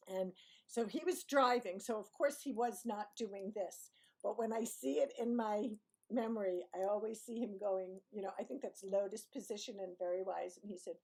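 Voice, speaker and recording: A woman's voice: medium pitch, fairly quick, dark tone, breathy edge. A woman from Brooklyn telling a personal story to camera, chatty and digressive, correcting herself as she goes. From Brooklyn, New York. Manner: chatty, digressive, self-correcting, laughs often. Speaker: YouTuber.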